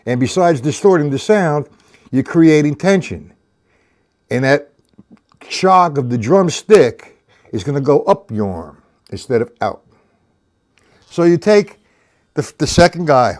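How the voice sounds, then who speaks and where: A man teaching a live-streamed drum lesson, explaining patiently and counting the sticking aloud in a low murmur. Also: animated, a little mellow. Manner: slow, patient explaining, reads out chat names. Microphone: webcam or computer mic on a live stream.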